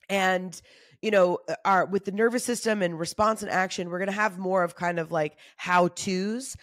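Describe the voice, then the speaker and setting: A woman in her thirties hosting a motivational solo talk, candid, casual and animated, often saying y'all. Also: mid-range voice, no room sound, clean studio sound. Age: 30s. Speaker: podcast host.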